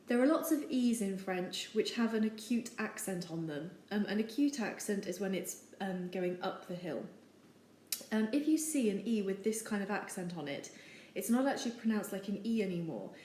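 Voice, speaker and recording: Female teacher, mid pitch, steady and patient with ums; roomy echo. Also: normal speed. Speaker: French teacher. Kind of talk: explaining over slides. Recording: echoey room with faint noise.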